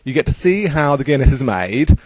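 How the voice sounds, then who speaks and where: A man's voice: medium pitch, very animated, brisk, a little mellow, no echo. A young man casually recounting a trip in a rambling, upbeat way, full of fillers. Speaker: vlogger. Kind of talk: casual travel vlog.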